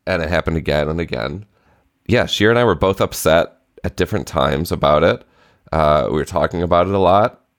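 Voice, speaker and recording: Low-voiced guy in his 30s, casual podcast chat, hesitant storyteller, dry close sound. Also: brisk, no room sound. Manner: reflective storytelling with many hesitations. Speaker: podcast co-host.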